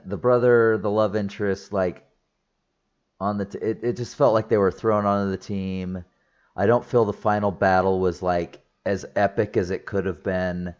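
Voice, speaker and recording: A man's voice: sits low, darkish tone, dull audio. A man casually recapping a film in a rambling review, teary-eyed and emotional. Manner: rambling, emotional, with fillers and restarts. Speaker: movie reviewer.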